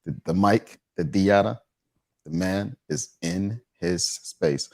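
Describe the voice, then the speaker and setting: Brief: deep-voiced man hosting a studio talk show, animated and stammering, dry close sound. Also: takes it slowly, no echo. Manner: animated, stammering restarts, jumps high in pitch when excited. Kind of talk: casual studio banter.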